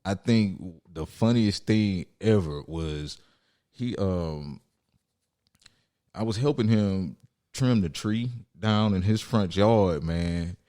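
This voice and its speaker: A man's voice: low-pitched, slow pace. A young man co-hosting a podcast, chatting casually and acting out quotes as he tells stories. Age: young adult. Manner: animated storyteller, acts out quotes. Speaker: podcast co-host. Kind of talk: casual chat.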